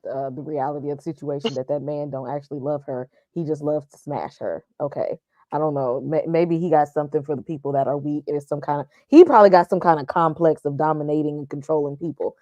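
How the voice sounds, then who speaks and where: A woman's voice: sits low, mellow, dry recording. A woman on a casual TV review panel, blunt and slangy. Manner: blunt, slangy, fast talking.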